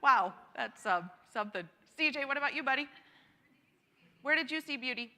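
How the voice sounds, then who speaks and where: A bright, forward woman's voice leads a church gathering, chatty and encouraging with frequent laughter. Her slightly high voice rings out with the long reverb of a church hall. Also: expressive, moderate pace. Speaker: church worship leader. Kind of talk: leading a congregation sharing time. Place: church sanctuary.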